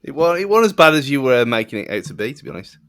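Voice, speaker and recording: A man's voice: mid-range voice, sing-song, fast talker, a bit bright. A man co-hosting a podcast, making dry teasing jokes in casual chat. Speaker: podcast co-host.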